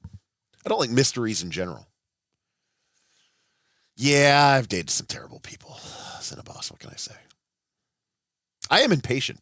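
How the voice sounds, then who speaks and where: A man's voice: mid-range voice, fairly bright tone, no echo, clean studio sound. A man in his thirties hosting a casual livestream, rambling with blunt, profane asides and frequent restarts. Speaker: livestream host.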